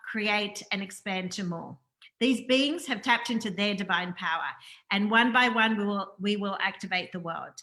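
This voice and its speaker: Delivering the scripted opening of a spiritual interview, the female host speaks earnestly and affirmingly, repeating phrases as she goes. Her voice is medium-pitched, bright, and forceful.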